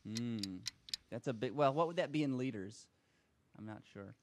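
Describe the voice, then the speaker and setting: A man hosting a casual car podcast, running quick quiz rounds and joking with his panel. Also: medium pitch, noisy background.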